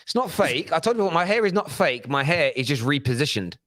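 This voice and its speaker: A man's voice: a little high, big pitch swings, fairly quick, a bit bright, no echo. A man, hosting a casual football fan chat, jokey and rambling. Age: 30s. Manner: jokey, self-mocking, rambling. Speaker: fan channel host.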